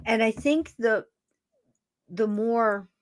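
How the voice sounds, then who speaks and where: A woman hosting a paranormal podcast, talking casually and warmly. She rambles from one thought to the next and laughs often. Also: on the high side, slow, dry recording, studio quality. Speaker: podcast host. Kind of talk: casual chat, talking to her pets on camera.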